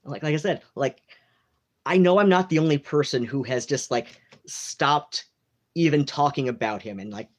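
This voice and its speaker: An American man who talks in a put-on mid-Atlantic accent, all drawn-out vowels and theatrical polish. He chats to his livestream from home, rambling and campy, with "like" and "you know" scattered through every sentence. The tone is gossipy and unhurried. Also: medium pitch. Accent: affected mid-Atlantic. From United States. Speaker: livestream host. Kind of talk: casual rambling livestream chat.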